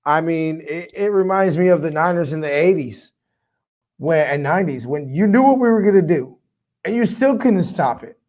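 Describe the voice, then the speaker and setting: A man hosts a fan sports podcast, giving casual commentary that is fired up, profane, and rambling, with lots of "I mean." His voice is a little high with lively intonation at normal speed, and the sound is lo-fi.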